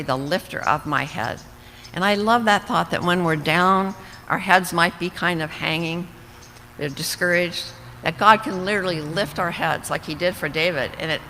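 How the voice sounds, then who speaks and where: A woman's voice: deep voice, sharp tone. A woman giving an earnest, reflective Bible study talk to a women's fellowship, with small slips and restarts. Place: church hall. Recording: reverberant hall, faint background noise.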